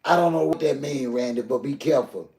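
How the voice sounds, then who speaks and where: An older man hosting a live stream. His voice is gravelly and grainy, and it bounces around an echoey room. He talks to his chat in a heated, preachy way. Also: mid-range voice, fast, darkish tone. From Southern US. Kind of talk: emotional live stream talk.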